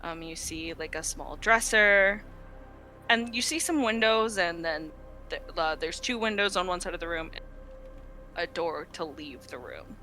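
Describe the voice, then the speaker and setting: A woman's voice: fairly low pitch, measured pace, sharp tone, faint music behind. A woman narrating as game master, describing scenes with frequent ums and restarts.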